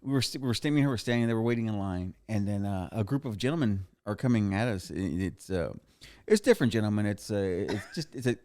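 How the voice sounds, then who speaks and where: A man hosting a podcast in casual chat, rambling excitedly with many restarts and a lot of slang. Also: lowish voice, fast talker. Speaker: podcast host.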